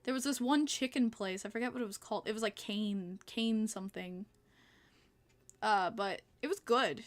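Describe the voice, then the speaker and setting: A woman's voice: medium pitch, moderate pace. A young woman from New York hosting a podcast, chatting casually, laughing often and answering her chat. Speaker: podcast host.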